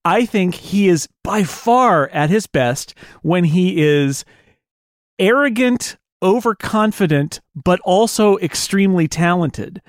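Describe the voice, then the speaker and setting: A man's voice: high-pitched, expressive, takes it slowly, dry recording, clean studio sound. A man hosting a casual movie podcast chat, rambling with many restarts.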